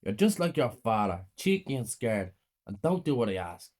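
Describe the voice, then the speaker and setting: A man reading a horror story puts on a cold, abusive mother who draws out her threats slowly in a raised, pinched voice. She scolds and menaces with every word. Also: fairly low pitch, very animated, darkish tone. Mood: menacing. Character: cruel, cold, abusive mother, adult woman.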